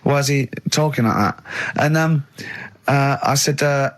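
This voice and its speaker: A man hosting a radio show from a studio, chatting casually and telling animated stories in which he mimics his friends. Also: mid-range voice, measured pace. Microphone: studio microphone.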